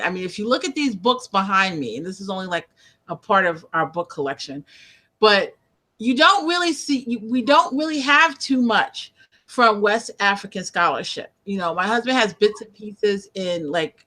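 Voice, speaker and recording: Bright-voiced New York woman, chatty. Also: medium pitch. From United States, Northeast. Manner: chatty, animated, many fillers and restarts. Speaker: interviewer. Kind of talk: casual video interview chat. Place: home room with bookshelves.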